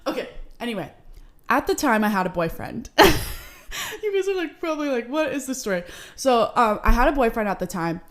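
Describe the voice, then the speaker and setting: A woman's voice: fairly high pitch, sing-song, brisk, pauses often. A woman in her twenties from Seattle hosting a podcast, telling a story in a chatty, upbeat way full of "like". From Seattle, United States. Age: 20s. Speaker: podcast host. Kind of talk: casual storytelling.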